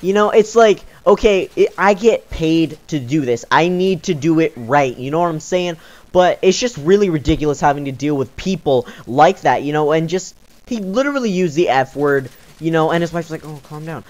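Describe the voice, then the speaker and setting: A man's voice: fairly high pitch, animated, moderate pace. A young man telling a story in a casual vlog, rambling with many fillers and sounding exasperated. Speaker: YouTuber.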